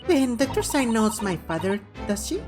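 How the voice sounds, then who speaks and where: A man putting on a gentle young woman's voice. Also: very high voice, very animated, moderate pace, voice pushed up. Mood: curious. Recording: game music playing under the voice.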